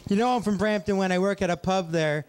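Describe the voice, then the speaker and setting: A man doing a stand-up comedy set on a small pub stage, with a wry, deadpan delivery and quick asides to the crowd. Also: high-pitched, a little hiss or hum. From Ontario, Canada. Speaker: stand-up comic.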